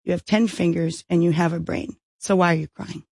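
A woman quoting her old grandfather, who is slow, gentle and amused as he comforts a crying child. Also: a little high, steady tone, gravelly, slightly rough, no echo, studio quality, voice pushed down. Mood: consoling.

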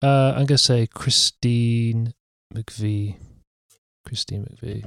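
A man's voice: medium pitch, steady tone, gravelly, no echo, studio quality. Hesitant man from England chatting. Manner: hesitant, halting, with fillers. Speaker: guest. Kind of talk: casual chat.

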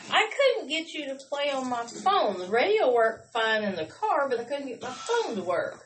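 A woman's voice: high voice, sing-song, normal speed, far from the mic, slight background noise. Dry-teasing woman, echoey off-mic voice. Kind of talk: casual live radio chat. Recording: roomy sound from off-mic.

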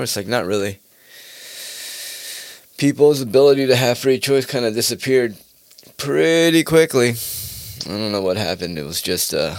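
Low-voiced man on a rambling rant. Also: creaky, no echo. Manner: rambling, profane, laughs often. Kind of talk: casual monologue rant.

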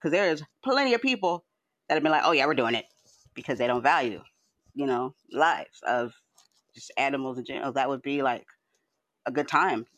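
A man's voice: mid-range voice, lively intonation, normal speed, a bit bright, no echo. A man hosting a livestream from home, chatting in a loose, rambling way that keeps restarting words, swearing freely. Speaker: livestream host. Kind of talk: casual rambling monologue. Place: at home, indoors.

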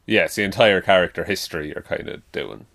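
A man's voice: low-pitched, expressive, fairly quick, vocal fry, a bit bright. A man co-hosting a podcast who throws in dry, sarcastic quips during a casual chat. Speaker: podcast co-host.

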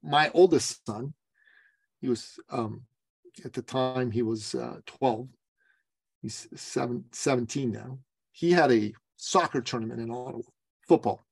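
A man in his forties, a business coach telling a story as a podcast guest, lively and acting out other people's lines. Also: medium pitch, a little slow, vocal fry, slightly rough, no echo. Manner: lively storyteller who acts out quoted voices.

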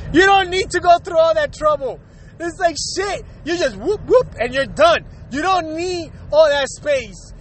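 Man, strikingly high-pitched, casual comedic rant, swears a lot, laughs through it, faint traffic noise. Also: a bit bright. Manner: profane, laughing often while ranting. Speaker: podcast host.

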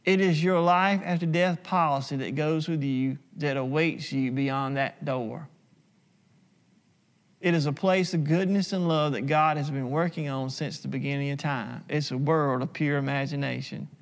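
A man preaching a sermon, emphatic and repetitive, slowing for dramatic pauses. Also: fairly high pitch, fairly even intonation. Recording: long hall reverb.

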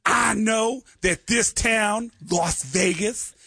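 A man doing an impression of a flamboyant rock frontman addressing an arena crowd in a high, theatrical, shouted voice. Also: slow, husky, no room sound, clean studio sound, exaggerated voice. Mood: showy, shouting. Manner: shouted stage patter, theatrical.

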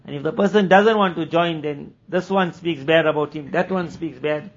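A man delivers a sermon to a weekly gathering in a talky, explaining way. He acts out the people in his stories and rattles off scripture passages quickly. His voice sits a little high, and the recording is dull and lo-fi. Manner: conversational, acts out quoted dialogue; recites Arabic scripture passages rapidly. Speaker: religious teacher.

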